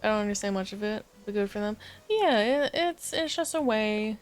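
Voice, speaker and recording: A woman with a lowered morning voice hosting a livestream, chatting casually while she plays a game, easygoing and rambling with many fillers. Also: expressive, normal speed, soft background music. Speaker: livestream gamer host.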